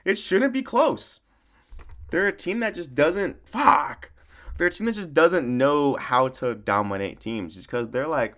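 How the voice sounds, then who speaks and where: A man's voice: a little high, unhurried. A young man giving casual, rambling sports commentary, swearing often and correcting himself as he goes. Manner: excitable outbursts.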